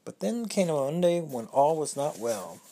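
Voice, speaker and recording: A storyteller reading a rhyming children's picture book aloud in an expressive, sing-song way. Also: mid-range voice, normal speed.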